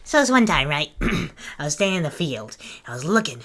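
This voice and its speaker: A woman's voice: deep voice, very animated, brisk, a bit bright, full character voice. A woman voicing a rambling, unhinged male hot dog who stammers and keeps cutting himself off. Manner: rambling, stammering, self-interrupting. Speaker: voice actor auditioning. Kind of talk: casting call audition.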